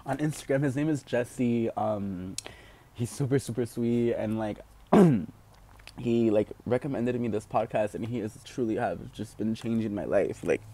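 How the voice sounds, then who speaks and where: A man's voice: medium pitch, measured pace, mellow. Tearful young man rambling to camera. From United States. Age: 20s. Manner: rambling, heavy with fillers like "like" and "you know". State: tearful, crying at times. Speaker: vlogger. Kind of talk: emotional personal vlog rant.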